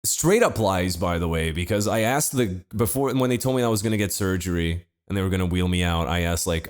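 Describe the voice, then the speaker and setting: Young adult man, very low voice, deadpan comic storyteller on a podcast. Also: fast, hardly any pauses. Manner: deadpan, laid-back storytelling with wry asides. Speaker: podcast co-host. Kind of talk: casual comedic storytelling.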